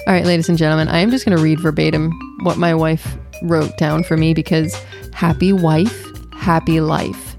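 A woman's voice: low voice, fairly even intonation, quick pace, gravelly, hardly any pauses, music in the background. A woman co-hosting a podcast, chatting casually and teasing her co-host playfully. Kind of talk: casual chat.

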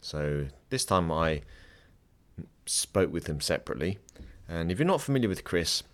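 A man's voice: low-pitched, very animated, normal speed. A man in his thirties hosting a podcast, giving a chatty, upbeat, rambling intro from his home studio. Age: 30s. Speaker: podcast host.

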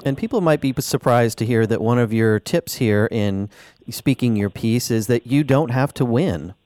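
Man, radio host, mid pitch, measured questions, dry studio sound. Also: darkish tone, dry recording. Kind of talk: interview questions.

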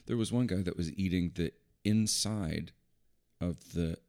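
Man, very deep voice, casual banter, chatty and joking. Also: unhurried, a little mellow. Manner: chatty, joking, with frequent reactions. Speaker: podcast co-host. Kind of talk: casual chat.

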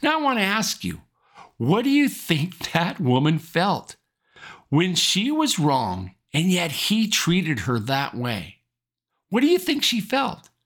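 A man's voice: fairly high pitch, a bit bright. A man, a pastor, preaching a sermon and telling a personal story in an earnest, storytelling way.

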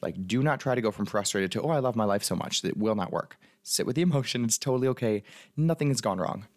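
Fast-talking man telling a story, low voice. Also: no echo, studio quality. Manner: fast, chatty, filler-heavy, animated retelling. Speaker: life coach. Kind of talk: casual personal storytelling.

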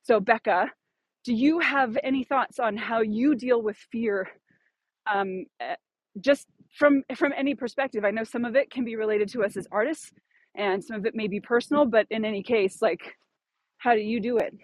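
Woman, podcast host, casual reflective chat, slightly high pitch, dry sound. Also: normal speed, dry recording. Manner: thoughtful, many fillers and restarts.

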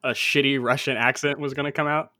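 A man chatting on a podcast in a bright, forward voice. He rambles with plenty of "um"s and restarts, and the sound is close and dry, with no room around it. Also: mid-range voice, fairly even intonation, brisk, no room sound. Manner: rambling, many fillers and restarts. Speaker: podcast co-host. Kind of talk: casual chat.

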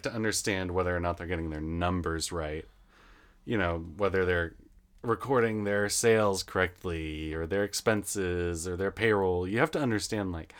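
Bright-voiced man telling work stories. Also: low-pitched. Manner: animated storytelling, swears, acts out customers. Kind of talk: casual chat.

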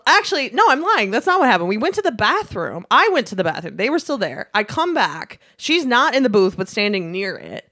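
A woman's voice: mid-range voice, fairly quick, hardly any pauses. A young woman co-hosting a casual chat, telling a story with lots of swearing and laughter. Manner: animated, swears a lot, laughs often. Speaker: podcast co-host.

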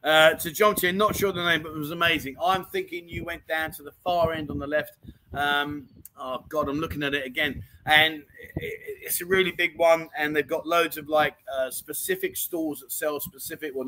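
A man's voice: fairly high pitch, moderate pace, pushed and bright, rough recording. A man hosting a casual livestream chat show, reading out viewer comments and rambling with easy laughter. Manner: chatty, rambling, laughs easily.

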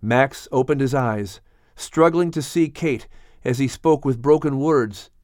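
A man narrating a dramatic audiobook story on a studio mic in an expressive, unhurried way. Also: mid-range voice, dry recording.

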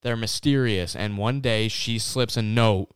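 A man's voice: lowish voice, measured pace, smooth, dry recording, studio quality. A young man co-hosting a podcast, chatting casually, laughing often and mock-reading a story in a sarcastic voice. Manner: laughs often, reads lines in a sarcastic put-on voice. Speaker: podcast co-host.

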